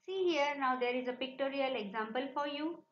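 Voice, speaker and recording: A woman teacher with an Indian English accent, a Marathi speaker, giving a slow, encouraging online lesson to children and reading sentences aloud for them to repeat. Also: high-pitched. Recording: echoey lo-fi recording with faint hiss.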